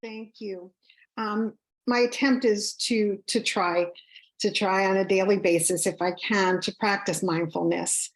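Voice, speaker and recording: A woman's voice: mid-range voice, fairly even intonation, a little slow, poor audio. Woman student in a group class, hesitant and full of restarts. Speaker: class participant. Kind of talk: sharing in a group discussion.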